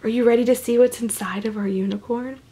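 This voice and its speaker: A woman reading a picture book aloud to children on camera in an animated, chatty way, often dropping to a whisper. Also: on the high side, quick pace. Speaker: children's story reader.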